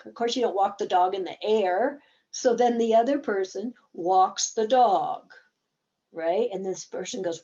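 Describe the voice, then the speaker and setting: A woman's voice: on the high side, expressive, moderate pace, mellow, dull audio. A woman therapist explaining a game in a conversational teaching talk, acting out bits of dialogue as examples.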